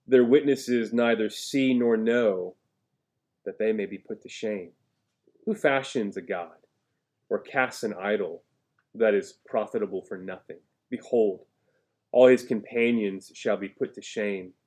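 Speaking in a fairly low, darkish voice, the pastor keeps his sermon conversational, questioning his listeners and joking and laughing. He reads scripture aloud with emphasis.

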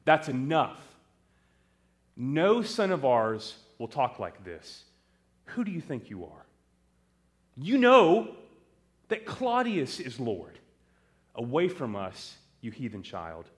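A man's voice: medium pitch, wildly swooping pitch, slow pace. A man voicing a pagan Roman mother and father who scold their son for turning Christian. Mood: stern. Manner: scolding, urgent. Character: alarmed pagan Roman parents, stern and fearful.

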